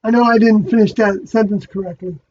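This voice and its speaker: A speaker giving a rambling spiritual monologue, halting and often stopping to correct themself. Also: medium pitch, steady tone, a little mellow, a little hiss or hum. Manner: halting, many fillers and restarts, self-correcting. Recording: dull lo-fi recording.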